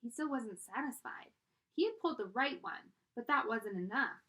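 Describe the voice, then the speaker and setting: Lively, bright-voiced woman reading aloud. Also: on the high side, normal speed. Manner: expressive, animated. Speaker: storyteller. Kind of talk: children's book read-aloud.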